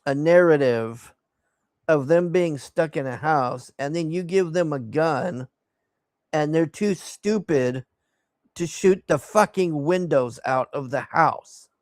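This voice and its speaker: A man's voice: a little high, takes it slowly, darkish tone, dry recording, clean studio sound. A man giving a profane, exasperated recap of a movie he hated, scornful of its plot. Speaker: movie reviewer. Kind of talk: casual ranting movie recap.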